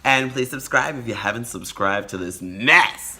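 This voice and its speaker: A man telling a story in a casual, gossipy vlog, animated and camp, breaking into sudden high squeals. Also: normal speed. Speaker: vlogger.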